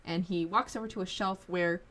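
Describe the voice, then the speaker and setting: A woman's voice: fairly low pitch, steady tone, normal speed, fairly bright tone. A woman narrating a tabletop game as game master in a casual, rambling way full of fillers.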